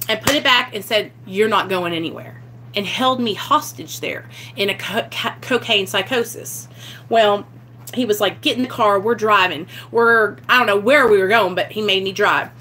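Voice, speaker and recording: A woman's voice: fairly high pitch, pushed and bright, slight background noise. A young woman telling a raw personal story to her camera, blunt and candid, swearing freely. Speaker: vlogger sharing her recovery story.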